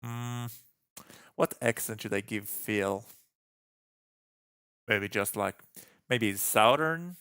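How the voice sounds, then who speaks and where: Gravelly-voiced man streaming a game. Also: on the low side, expressive, takes it slowly, long pauses, pushed and bright, no echo, studio quality. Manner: chatty, exasperated self-talk. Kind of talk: live game stream commentary.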